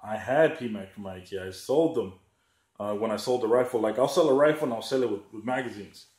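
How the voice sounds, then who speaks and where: A man's voice: on the low side, quick pace, darkish tone. A man ranting in a profane, sarcastic vlog, often mocking others by raising his voice. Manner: heated, sarcastic, swears a lot, mocks others in a raised voice. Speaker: gun channel vlogger. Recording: echoey room.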